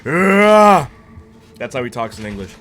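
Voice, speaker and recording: A man's voice: mid-range voice, sing-song, moderate pace, pushed and bright, faint music behind. A young man chatting casually as a streamer while reacting to a movie, rambling and slangy, laughing often.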